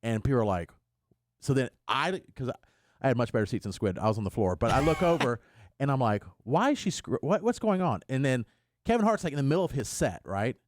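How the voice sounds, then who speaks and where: A male radio host tells a story on air in a dry studio sound, his voice at a mid pitch. He jumps into the quotes and acts them out with animated swings. It sounds like casual morning chat. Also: fast talker, dry recording. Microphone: studio microphone.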